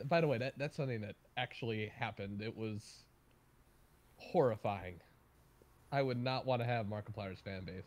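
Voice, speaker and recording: A man chatting casually on a livestream, telling stories with loud bursts of emphasis and laughter. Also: fairly low pitch, normal speed.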